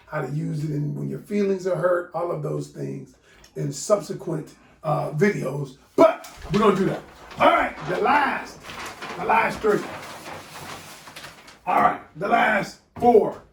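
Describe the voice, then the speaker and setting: A male relationship coach, giving an animated, preachy video lesson and calling his viewers "y'all.". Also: a little high, moderate pace, creaky, recorded from a distance, a little hiss or hum. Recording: roomy echo, voice off-mic.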